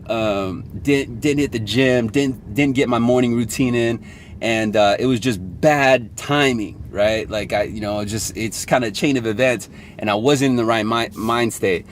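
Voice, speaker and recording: A young sales coach vlogger rambles through some casual sales advice from his car, swearing here and there in an easygoing motivational talk. His voice is mid-range, with a faint hiss or hum.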